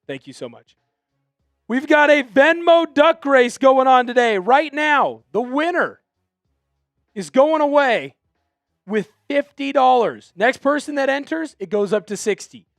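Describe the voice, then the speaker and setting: A man with a high voice hosts a fan live stream and calls the plays himself. He talks in an excitable, chatty way and is quick to say sorry. His voice sounds close and dry, with faint music underneath. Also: gravelly, no room sound.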